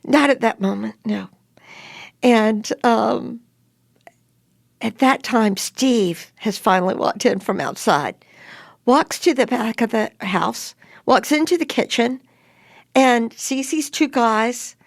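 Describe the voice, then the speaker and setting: An older woman recounting a frightening day from her past in a conversational, animated way, her voice climbing high when she relives yelling at intruders. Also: slow, gravelly, pauses often, no room sound, studio quality. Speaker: interviewee telling her story. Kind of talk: conversational storytelling.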